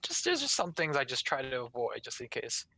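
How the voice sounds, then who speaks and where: A man's voice: medium pitch, wildly swooping pitch, brisk, gravelly, sharp tone, no room sound, low-quality recording. A young man co-hosting a podcast, chatting casually and rambling, with lots of fillers while he acts out quoted lines. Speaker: podcast co-host. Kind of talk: casual chat.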